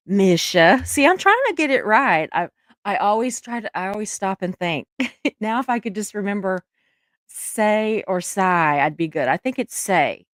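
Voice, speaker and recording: A middle-aged woman with a Southern US accent, hosting a casual livestream chat. She talks warmly to her viewers and laughs often. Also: fairly low pitch, no echo, studio quality. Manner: chatty, laughs often, drawn-out words. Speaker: livestream host.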